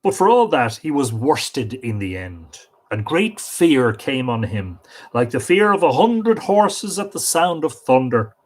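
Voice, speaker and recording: A man telling an ancient legend to a live audience, reading with plenty of expression. His pitch swings widely, and he breaks off now and then for wry little asides. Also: sing-song, measured pace. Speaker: storyteller and stream host.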